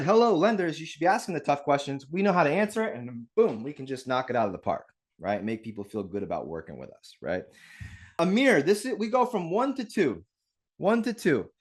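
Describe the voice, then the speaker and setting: A man's voice: a little high, brisk. Upbeat man hosting a live webinar. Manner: energetic, upbeat, talks straight to the audience. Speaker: webinar host.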